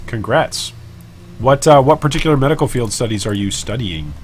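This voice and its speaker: A man's voice: mid-range voice, lively intonation, moderate pace, slight background noise. A man hosting a casual live stream while trading, joking about himself and chatting with viewers. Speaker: gaming streamer and guild leader.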